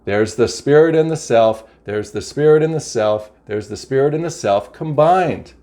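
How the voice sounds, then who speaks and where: Brief: an excitable man reading oracle cards into a camera, medium voice, exclaiming and repeating lines. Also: medium pitch, normal speed. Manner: enthusiastic, exclamatory, repeats phrases. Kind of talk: casual spiritual talk to camera. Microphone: camera mic.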